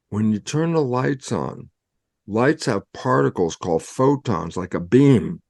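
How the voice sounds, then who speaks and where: A man's voice: expressive, slow, vocal fry, darkish tone, dry recording. Guy explaining cell biology, mid voice, dry close sound, plays both sides of made-up chats, lots of emphatic questions. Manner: acts out both sides of imagined conversations; emphatic, rhetorical questions, sudden pitch jumps. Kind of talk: animated explanatory storytelling.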